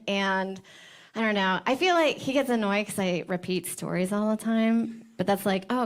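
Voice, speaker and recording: Dry, deadpan female stand-up. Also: mid-range voice, clean tone. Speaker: stand-up comedian. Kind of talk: stand-up monologue. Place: comedy club stage.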